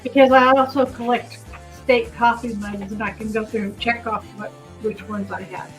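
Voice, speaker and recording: A woman's fairly high, fairly evenly intoned voice moves at a normal speed over faint background music, and the recording is rough. She runs a home vlog channel from a house in a residential cul-de-sac. Her delivery mixes casual chat with reading official text aloud, often breaking off to react.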